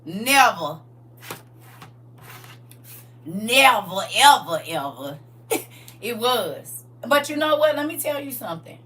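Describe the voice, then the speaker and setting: A woman of about forty telling stories from her past in a casual, animated way, full of slang and laughter. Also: on the high side, takes it slowly, long pauses, far from the mic. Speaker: livestream co-host. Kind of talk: casual storytelling chat.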